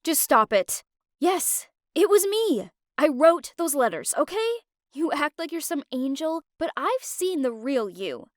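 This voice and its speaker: A woman voicing a jealous, spiteful young woman in an animated story, with a sarcastic, cutting manner. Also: high-pitched, unhurried, no echo, clean studio sound.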